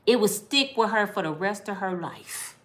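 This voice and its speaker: A middle-aged woman vlogger giving heartfelt life advice in an animated, preachy big-sister way. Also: medium pitch, normal speed.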